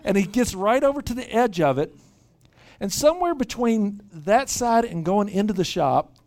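A man preaching at a retreat, telling a lively story and often repeating words as he starts sentences. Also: high-pitched, normal speed. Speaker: pastor. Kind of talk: sermon with storytelling.

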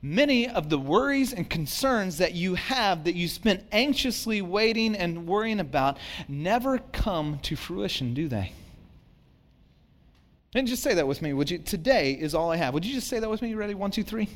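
A man's voice: sits high, expressive, normal speed. A man, a pastor, giving a conversational sermon, self-deprecating and acting out the voices of worried people.

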